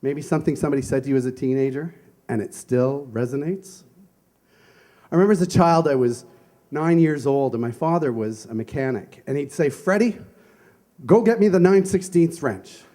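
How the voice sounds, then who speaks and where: A man's voice: mid-range voice, fairly quick, dark tone. A man giving a conversational sermon as a minister, telling personal stories and asking rhetorical questions. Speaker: minister giving a Sunday talk.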